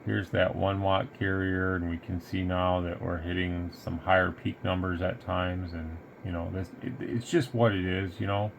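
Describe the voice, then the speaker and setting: A man's voice: low voice, little pitch movement, moderate pace, creaky, hardly any pauses, slight background noise. A man casually demonstrating a radio, rambling in an easygoing way and sounding tired. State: tired, yawning. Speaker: radio seller demonstrating gear. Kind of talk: casual product demo.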